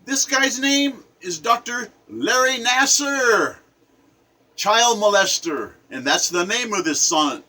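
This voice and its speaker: Fired-up guy with a high bright voice, emphatic and angry, goes loud then drops way low. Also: very animated, takes it slowly. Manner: emphatic, angry, swings between loud outbursts and low murmurs. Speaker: poet. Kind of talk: impassioned spoken rant to camera.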